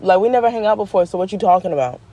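Rattling along at a rapid-fire clip, a woman hosting her own podcast delivers a slangy, excitable monologue, spiking her pitch for emphasis and laughing as she talks. There's no room sound at all.

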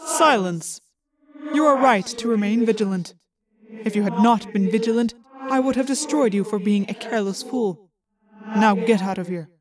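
A woman's voice: medium pitch, normal speed, distant mic, a crowd in the background, close to an everyday voice. A woman reading aloud voices a male alien warrior who plays a cold tyrant giving orders. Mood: commanding.

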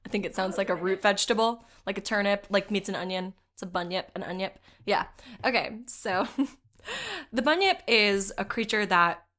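A woman's voice: medium pitch, lively intonation, moderate pace, fairly bright tone. A woman co-hosting a comedy podcast, chatting casually in a giggly, rambling, jokey way. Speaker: podcast co-host.

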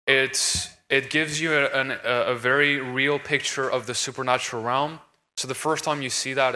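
A man's voice: mid-range voice, pushed and bright. A man speaking on a conference stage, earnest and emphatic, talking in a preaching tone with frequent restarts. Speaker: conference speaker on deliverance ministry. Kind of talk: stage discussion. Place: conference stage in a large hall. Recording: reverberant hall.

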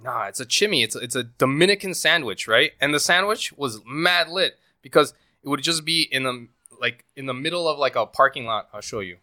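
A young man chatting on a podcast, telling travel tales with a bright tone. He keeps it loose and animated, voicing each character along the way. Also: medium pitch, brisk. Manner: animated storyteller, acts out quotes. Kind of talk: casual podcast chat.

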